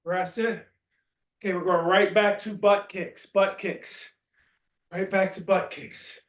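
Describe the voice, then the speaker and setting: A man's voice: sits high, fairly even intonation, takes it slowly, distant mic. A man leading a workout class as fitness instructor, giving short cues and counting reps aloud, at times out of breath. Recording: roomy echo.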